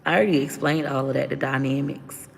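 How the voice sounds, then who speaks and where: A woman's voice: rumbling low, steady tone, brisk, creaky, long reverb tail, slight background noise. A woman around forty telling a candid personal story as a vlogger, blunt, profane and unfiltered.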